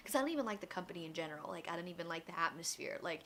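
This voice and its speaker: A woman's voice: fairly low pitch, racing, few pauses, slight background noise. Candid young woman telling a personal story. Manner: candid, animated retelling that acts out quoted voices. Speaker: vlogger.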